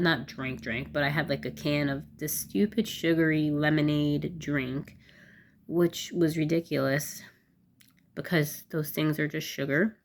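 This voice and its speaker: A woman's voice: low-pitched, slight background noise. A woman vlogger talking candidly and a little rambling, with lots of "like" fillers. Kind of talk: casual talk to camera.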